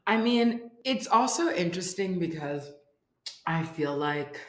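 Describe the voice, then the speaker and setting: A woman chatting casually as a podcast co-host, lively and reading facts aloud. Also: lowish voice, a little slow, roomy sound. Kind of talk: casual chat.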